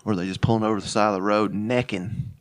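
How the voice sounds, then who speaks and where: A man's voice: lowish voice, steady tone, quick pace. A man co-hosting a true crime podcast, reading listener reviews and trading wry, sometimes profane jokes. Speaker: podcast co-host. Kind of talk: casual podcast chat and intro narration.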